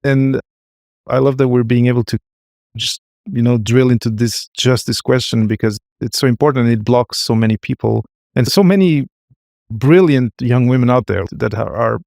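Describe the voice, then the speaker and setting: A man hosting an interview podcast, speaking haltingly with frequent restarts and affirming fillers. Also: mid-range voice, gravelly, darkish tone, no echo, studio quality. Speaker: podcast host. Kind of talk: interview conversation.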